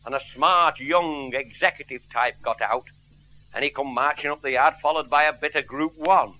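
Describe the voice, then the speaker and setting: A man's voice: fairly high pitch, moderate pace, pushed and bright. A middle-aged man telling a comic anecdote in a blunt, earthy, wry manner, heard on a noisy old radio recording. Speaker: storyteller. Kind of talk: comic anecdote before a live audience.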